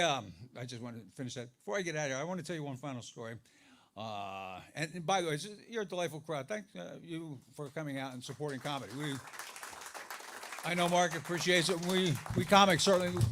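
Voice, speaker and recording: A man's voice: fairly high pitch, animated, quick pace, background noise. A man doing a stand-up comedy set, telling a long joke in a rambling, self-interrupting way. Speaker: stand-up comic. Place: live comedy venue.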